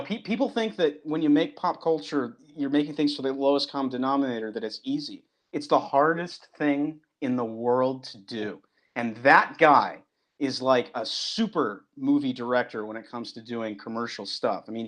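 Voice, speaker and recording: A man's voice: mid-range voice, moderate pace. A man, a comic book creator and guest, chatting animatedly and acting out movie lines as he talks. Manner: animated, acts out movie lines, restarts often. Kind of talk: casual interview chat.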